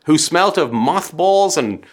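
A man hosting a call-in advice show, talking in an animated, dramatic way and acting out scenes to make his point. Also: fairly high pitch, slow pace. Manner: animated, dramatic, acts out scenarios.

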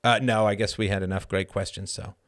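A middle-aged man hosting a live show, answering chat questions in an animated monologue that keeps tossing in a rhetorical "right?". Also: lowish voice, a little fast. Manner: animated, frequent rhetorical "right?", laughs mid-sentence. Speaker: host.

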